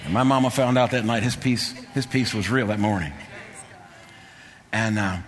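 A man's voice: fairly low pitch, normal speed, noisy background. A man preaching a sermon, telling a personal story fervently with many restarts and repetitions. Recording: long hall reverb.

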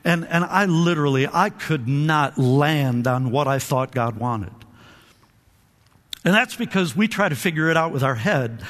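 A man's voice: on the high side, lively intonation, unhurried, a bit bright, big-room sound. A man preaching a sermon to a church, calling for amens, repeating phrases and restarting his sentences. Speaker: pastor. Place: church hall.

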